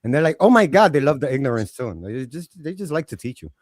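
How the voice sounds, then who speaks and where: Excitable young man with a lively voice. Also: medium pitch, fast, dry recording, studio quality. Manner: loud, excitable, profane. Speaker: panel host. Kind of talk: casual reaction chat.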